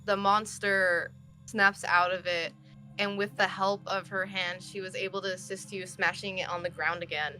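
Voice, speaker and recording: A woman's voice: medium pitch, little pitch movement, moderate pace, bright, forceful tone. A woman narrating a tabletop role-playing game as game master, laughing often as she goes.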